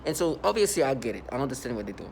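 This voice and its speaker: A man's voice: medium pitch, very animated, very fast, vocal fry, darkish tone, a little hiss or hum. A man in an unscripted vlog monologue, rambling and repetitive, earnest and agitated, full of fillers and restarts. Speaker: vlogger.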